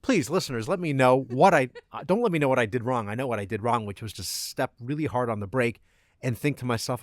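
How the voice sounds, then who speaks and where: Male podcast co-host, mid-pitched voice, dry close mic, wry and jokey storyteller. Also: fast talker, dry recording. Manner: wry, joking asides, animated storytelling. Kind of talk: casual chat.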